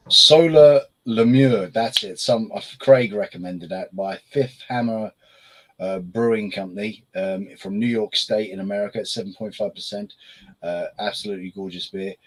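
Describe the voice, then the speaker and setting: A man's voice: fairly low pitch, measured pace, a bit bright, poor audio. A man co-hosting a casual beer review chat, rambling with lots of fillers and restarts.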